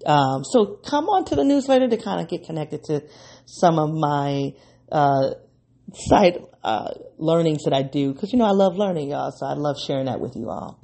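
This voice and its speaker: A woman with a low, gravelly voice talks through an unscripted solo podcast episode. Her tone is dark and a little husky, and she rambles with excitement and laughs often. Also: moderate pace. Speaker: podcast host.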